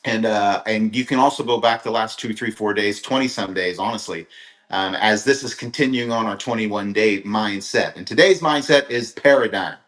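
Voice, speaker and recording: A man's voice: lowish voice, moderate pace, a bit bright, echoey room. A middle-aged man from Kansas giving an earnest, rambling motivational talk on a livestream, telling stories with frequent restarts. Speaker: motivational speaker. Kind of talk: live-streamed motivational talk.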